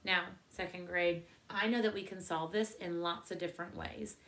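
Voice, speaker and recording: A woman's voice: on the low side, fairly even intonation, normal speed, fairly bright tone. A woman teacher leading a math lesson for second graders, asking many questions in an encouraging way.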